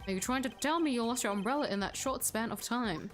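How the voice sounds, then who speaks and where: A composed male prosecutor questions a witness, as a woman reads his lines. His delivery is measured and formal. Soft music hums in the background. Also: on the high side, natural voice.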